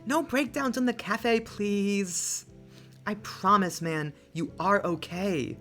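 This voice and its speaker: A woman voicing a brisk, reassuring female barista, reading game lines with a hint of Australian flavor over soft music. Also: medium pitch, voice pushed up. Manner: brisk, soothing, slips into Australian. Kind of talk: game dialogue read aloud. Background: soft lofi music.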